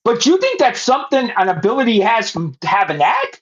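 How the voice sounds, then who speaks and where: Middle-aged man, host, lively swooping pitch, excitable, muffled lo-fi sound. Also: brisk. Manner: animated, excitable, stumbles on repeated words. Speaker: podcast host. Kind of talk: casual chat. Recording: muffled lo-fi phone audio.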